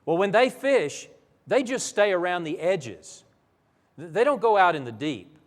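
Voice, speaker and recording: A man delivers a sermon-style Bible lesson in church, bringing its stories to life with animated, vivid storytelling. He speaks unhurriedly in a voice that sits high, with a long reverb tail.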